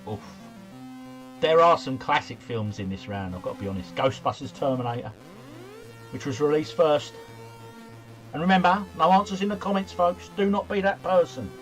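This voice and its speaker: A man's voice: on the high side, expressive, normal speed, faint music behind. A man hosting a trivia quiz, reading out questions and answers and adding chatty, joking asides. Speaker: quiz host.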